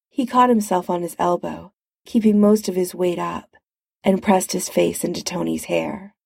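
A woman narrating a fan-fiction story aloud in a slow, even storytelling manner. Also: fairly low pitch, gravelly, dry recording, studio quality.

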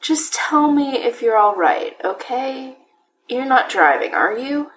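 A woman's voice: high-pitched, expressive, takes it slowly, fairly bright tone, slight background noise, pitched above the performer's own voice, full character voice, rough recording. A woman voicing a patient young man who speaks dryly and firmly on the phone. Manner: dry, firm, worried.

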